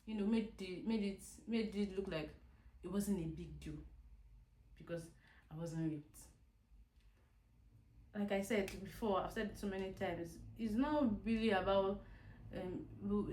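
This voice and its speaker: Young woman, mid-pitched, vlogging a raw personal testimony; quiet stretches break into loud, animated outbursts and stumbling restarts; echoey room. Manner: animated, swings from quiet to loud exclamations, laughs through pain; frequent restarts and repeated words. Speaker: vlogger telling her story.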